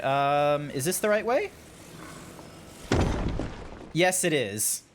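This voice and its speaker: An Australian man chatting on a gaming livestream, easygoing and quick to laugh. He drops casual swears and talks at an unhurried pace. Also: a little high, a bit bright, a little hiss or hum. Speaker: streamer.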